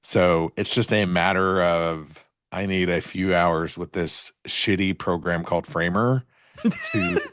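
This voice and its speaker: Very deep slow guy rambling on a trading stream, lots of ums. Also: steady tone, fairly bright tone, no echo, studio quality. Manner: laid-back, rambling with many fillers. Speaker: co-host of a live trading stream. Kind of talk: casual chat.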